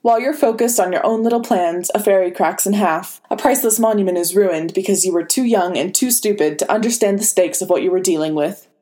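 A woman reads as a cold older male official, smug and condescending, his mid-pitched voice sliding along in a silky, measured way. He lectures and bargains without ever raising his voice. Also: dark tone, natural voice.

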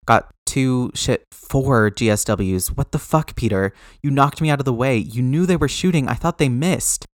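A man's voice: mid-range voice, brisk, dry recording, studio quality, close to an everyday voice. A man doing a blunt, caring soldier. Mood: urgent. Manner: urgent, swearing, reassuring.

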